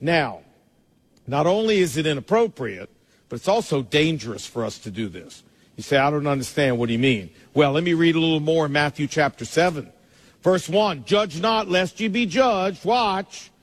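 A middle-aged man, a pastor, preaching a sermon emphatically, his pace speeding up and slowing down. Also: a little high, expressive. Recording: long reverb of a large hall.

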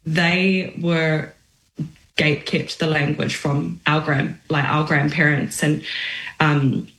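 A woman guest speaking in a measured, reflective way during an interview. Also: low-pitched, level tone, a bit bright. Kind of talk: casual interview answer. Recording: roomy echo.

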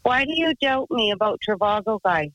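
A woman's voice: mid-range voice, animated, moderate pace, fairly bright tone, no echo, rough recording. A woman from Canada calling into a radio show, telling a rambling story in a chatty, loose way. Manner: chatty, rambling, swears, laughs easily. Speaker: radio caller. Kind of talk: phone-in storytelling.

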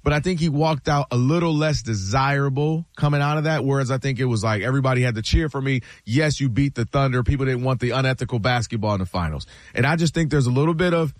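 A man hosting a sports talk show, telling his case with lively acted-out quotes and reactions. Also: fast, few pauses, no room sound. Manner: lively storytelling, acts out quoted reactions in high voices. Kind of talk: animated sports debate chat.

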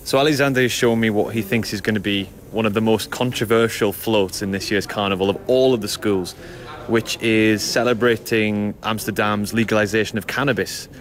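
Male documentary presenter with a slightly low voice, calm and descriptive. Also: brisk. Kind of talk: documentary narration and on-site reporting.

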